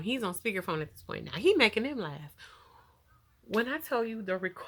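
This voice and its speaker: Talking to camera, a woman tells her own story casually and with animation, laughing often and becoming emotional, with features. Her pitch is medium and her pace moderate.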